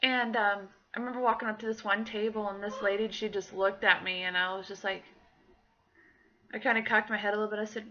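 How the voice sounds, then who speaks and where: Chatty woman with a bright, lo-fi sound. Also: medium pitch, flat delivery, fairly quick, slight background noise. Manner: chatty storytelling, acts out quoted voices. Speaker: vlogger. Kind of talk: casual personal diary vlog.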